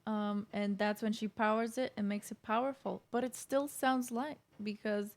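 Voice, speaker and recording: A woman's voice: mid-range voice, fairly even intonation, moderate pace. A woman vocal coach giving casual reaction commentary, explaining technique in a loose, conversational way with frequent restarts.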